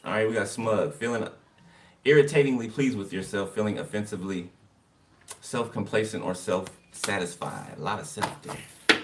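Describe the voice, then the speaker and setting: A man's voice: lowish voice, moderate pace, a bit bright. A man giving a casual live tarot reading, chatty and laughing often as he greets viewers. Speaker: tarot reader. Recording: distant from mic, clear background noise.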